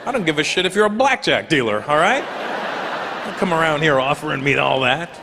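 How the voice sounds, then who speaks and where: Male standup doing loose, teasing crowd work, slightly high voice, busy crowd. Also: big pitch swings, brisk, vocal fry, background noise. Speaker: comedian. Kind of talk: standup comedy. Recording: live club with loud crowd.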